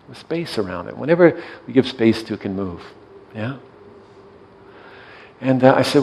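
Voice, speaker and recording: Gravelly, soft-spoken man telling a story. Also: mid-range voice, expressive, unhurried, pauses often, a little hiss or hum, rough recording. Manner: soft-spoken, often checks in with "yeah?". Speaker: hospice worker and meditation teacher. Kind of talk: gentle storytelling in conversation.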